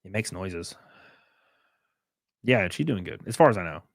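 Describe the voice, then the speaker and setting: A man's voice: deep voice, lively intonation, normal speed, gravelly, dry recording, clean studio sound. A man with an American accent, chatting casually with his live-stream viewers in a rambling, laid-back way and cursing now and then. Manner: sings snatches of a theme song.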